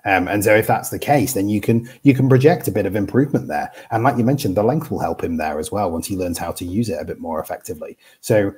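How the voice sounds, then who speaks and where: A British man in his thirties speaks as a podcast guest, stumbling and restarting as he thinks aloud. His voice sits very low and has a husky, breathy edge. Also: fast, few pauses, a little mellow. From United Kingdom. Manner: hesitant, many restarts and fillers. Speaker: guest draft analyst. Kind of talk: casual podcast chat.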